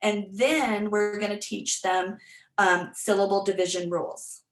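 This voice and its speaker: A woman's voice: medium pitch, steady tone, measured pace. Woman tutor explaining in an echoey room. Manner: explanatory, with frequent ums and restarts. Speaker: literacy tutor presenting a workshop. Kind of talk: online teaching presentation.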